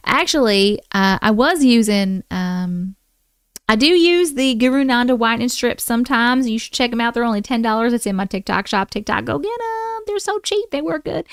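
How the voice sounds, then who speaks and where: A woman's voice: on the high side, clear, resonant tone, no echo, studio quality. A woman hosting a casual live stream, chatting and thanking viewers by name while keeping up a playful put-on accent. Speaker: livestream host.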